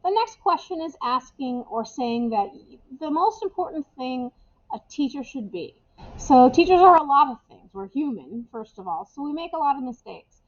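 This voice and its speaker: Woman English teacher, casual and chatty, slightly high voice, muffled camera audio. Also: big pitch swings, normal speed. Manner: casual, chatty, repeats key phrases. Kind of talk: recorded class instructions for remote students. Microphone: webcam or camera microphone.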